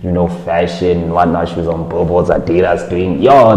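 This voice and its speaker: Man, South African, low voice, mellow tone, blunt casual talk, roomy echo with long reverb. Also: faint music behind. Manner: blunt and animated, swearing, quick asides. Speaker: podcast host. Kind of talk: casual opinion chat. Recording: echoey room with long reverb.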